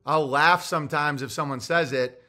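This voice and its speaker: A man's voice: fairly high pitch, steady tone, moderate pace, sharp tone. A man hosting a podcast, ranting in a casual, profane monologue as he tells a heated story. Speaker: podcast host.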